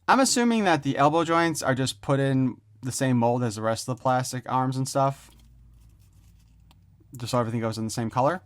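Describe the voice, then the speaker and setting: A man's voice: medium pitch, brisk. A man giving a casual, rambling toy unboxing review, joking around and swearing offhandedly.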